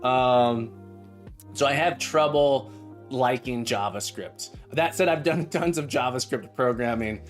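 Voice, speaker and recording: A man's voice: mid-range voice, a little slow. A man chatting casually on a live coding stream, upbeat and rambling as he greets and answers his viewers. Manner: chatty and upbeat, reads and welcomes chat viewers; rambling, with many restarts. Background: faint background music.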